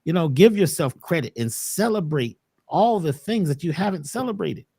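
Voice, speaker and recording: Calm spiritual male guest, dry sound. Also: fairly high pitch, moderate pace, creaky, slightly rough, no room sound. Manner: calm, preachy, rhythmic phrasing. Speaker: guest speaker. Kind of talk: spiritual motivational talk.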